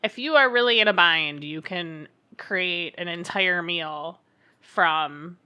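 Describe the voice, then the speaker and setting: A woman's voice: on the low side, takes it slowly, pushed and bright, clear, resonant tone, muffled recording. A woman co-hosting a casual podcast, teasing and joking with wry sarcasm. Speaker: podcast co-host.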